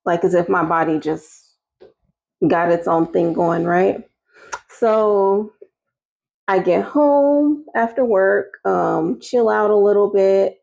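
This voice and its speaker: A woman's voice: takes it slowly, gravelly, darkish tone, dull audio. A woman telling a personal story in a casual, chatty way, acting out what people said to her. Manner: casual and chatty, acting out quoted lines with rising pitch. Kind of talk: storytime recounting a personal experience.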